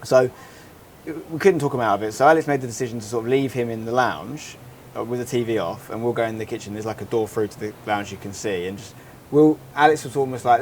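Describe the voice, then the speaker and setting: Fast-talking man telling a story. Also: mid-range voice, a little hiss or hum. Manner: animated storytelling, fast and rambling. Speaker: podcast co-host. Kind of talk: casual podcast chat. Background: faint outdoor holiday ambience.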